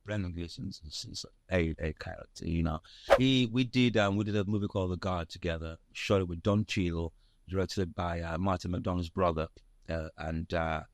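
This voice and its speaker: Low-voiced man telling animated stories. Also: no echo, studio quality. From Nigeria. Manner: animated storyteller, many fillers and restarts. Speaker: actor, guest. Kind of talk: casual interview chat.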